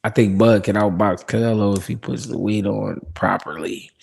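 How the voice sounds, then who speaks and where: A man's voice: fairly low pitch, fairly even intonation, normal speed, creaky, darkish tone, slightly rough. A man hosting a live boxing talk stream in casual, slangy chat, reading viewer comments and laughing often. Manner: laid-back, slangy, laughs often, repeats himself.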